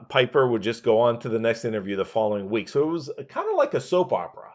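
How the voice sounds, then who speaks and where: A man with a lowish voice hosts a casual podcast monologue. He rambles with plenty of fillers, and the recording sounds dull and lo-fi. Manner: rambling, many "uh" and "you know" fillers. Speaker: podcast host.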